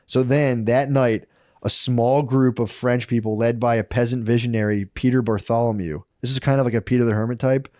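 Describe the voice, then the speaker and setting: A man's voice: mid-range voice, fairly even intonation, brisk, warm tone, no room sound. Man, podcast co-host, casual storytelling, swears a lot, bro slang, dry close sound. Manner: rambling, profane, bro slang.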